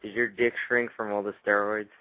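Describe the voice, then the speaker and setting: A crude prank caller claiming to be Jesus, played by a man, with a lowish voice and a mock-solemn delivery. He comes through a thin, phone-like radio line with little low end. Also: little pitch movement, brisk, close to an everyday voice.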